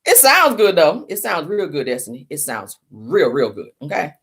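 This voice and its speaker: Hosting a sassy celebrity gossip program, a middle-aged woman speaks in a low voice with huge pitch swings. She stretches out words for emphasis in a sarcastic, dramatic style.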